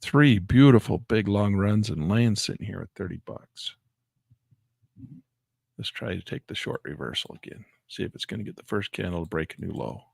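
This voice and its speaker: A man giving excitable live commentary on his day trades, talking to himself and exclaiming as prices move. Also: lowish voice, moderate pace, vocal fry, breathy edge, no echo, studio quality. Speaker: day trading educator.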